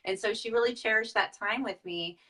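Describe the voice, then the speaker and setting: A woman's voice: fairly high pitch, fairly quick, pushed and bright, recorded from a distance, rough recording. A woman in her thirties giving casual business and family tips, chatty, with many fillers and restarts. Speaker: Tupperware director. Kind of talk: casual business advice talk.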